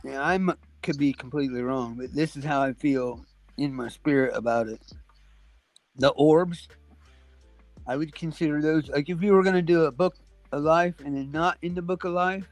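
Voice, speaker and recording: A man in a relaxed chat, reflective and hedging as he talks things through. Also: on the high side, moderate pace, no room sound, faint music behind. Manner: reflective, hedging, talks about spirit beliefs. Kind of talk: casual chat.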